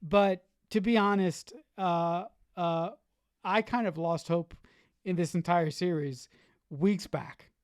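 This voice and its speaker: A woman co-hosting a podcast, talking things through in a measured way and often repeating words as she thinks. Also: fairly low pitch, no echo, studio quality. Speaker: podcast co-host. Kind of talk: casual chat.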